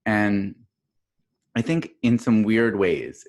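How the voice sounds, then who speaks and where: A man's voice: deep voice, moderate pace. A middle-aged man who works as a pediatrician and public health dean. He gives a chatty conference talk over a video call, telling stories with plenty of fillers and restarts. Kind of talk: casual virtual conference talk. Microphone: video call microphone.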